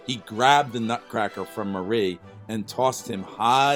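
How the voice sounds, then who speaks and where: A man reading a children's storybook aloud with expressive narration. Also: on the low side, takes it slowly, hardly any pauses. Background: faint music.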